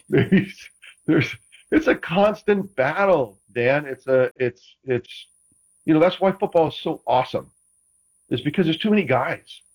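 A man's voice: on the high side, animated, measured pace, long pauses, slightly rough, rough recording. A man, a former quarterback, chatting casually as a guest, rambling with frequent restarts and playful teasing. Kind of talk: casual chat.

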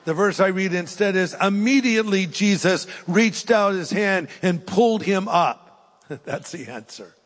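An older man preaching a sermon with an altar call, earnest and pleading, swinging between raised emphasis and hushed, soft appeals. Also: high-pitched, lively intonation, a little slow, big-room sound. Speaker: pastor. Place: church hall with live audience.

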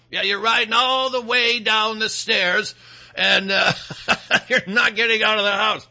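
A sarcastic middle-aged man running a political commentary monologue, with a high-pitched voice. His tone is very bright and sharp, with a gravelly crackle. He rambles with fillers and mocking asides. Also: fairly even intonation, measured pace.

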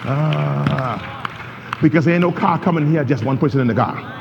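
A male pastor preaching a sermon, leading his congregation through a reading and swinging between shouting peaks and low asides. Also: a little slow, creaky. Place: church sanctuary. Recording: dull reverberant church recording with faint noise.

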